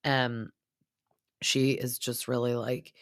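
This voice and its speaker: A woman in her thirties hosts a podcast, gossiping casually through a TV recap and saying "like" constantly. Her voice is very deep, flat and slow, recorded in studio quality with no echo.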